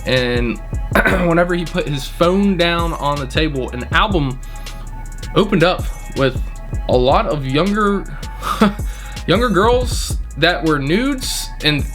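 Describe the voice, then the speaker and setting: A man's voice: on the high side, animated, takes it slowly, a bit bright, faint music behind. A young man, a restaurant manager, telling a story in a blunt, indignant, casual way and swearing freely.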